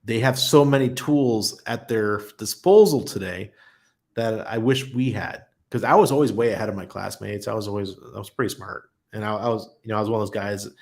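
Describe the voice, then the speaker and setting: Reading viewer comments on a casual stream, this middle-aged crypto channel host talks a little fast in a lowish voice with vocal fry. His manner is chatty and story-driven, and he laughs easily.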